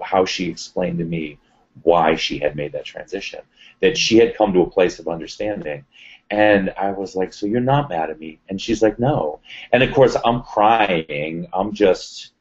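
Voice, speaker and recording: A man telling a personal story as an interview guest, animated and acting out the voices of others. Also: low voice. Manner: animated retelling, acts out quoted voices. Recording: dull lo-fi sound.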